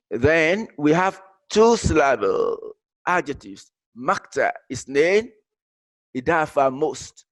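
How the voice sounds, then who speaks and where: A man with a mid-range voice teaches an English grammar lesson, explaining in a blend of English and Arabic. He halts often, repeats himself, and fills gaps with plenty of fillers. The recording is dry.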